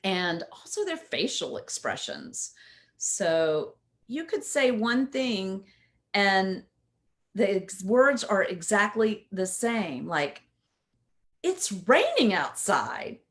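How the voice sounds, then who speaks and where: A woman coach talks through a lesson in a relaxed, chatty way. Her pitch sits mid-range but swings widely and expressively, and she keeps checking in with her listeners with a quick "right?". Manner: conversational, often asks "right?". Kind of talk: casual instructional talk.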